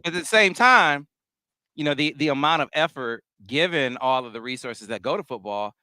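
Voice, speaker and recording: A man hosting a casual sports talk show, speaking in a measured, analytical way with frequent restarts. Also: on the high side, lively intonation, bright, forceful tone, clean tone, no room sound.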